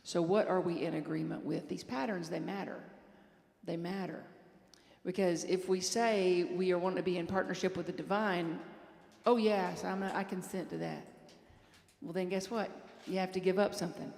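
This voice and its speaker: A woman's voice: on the low side, fairly even intonation, a little fast, creaky. A woman minister giving a chatty Sunday talk to her congregation, storytelling with light laughs. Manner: warm conversational storytelling with laughs. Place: large hall with congregation. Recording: echoey hall reverb.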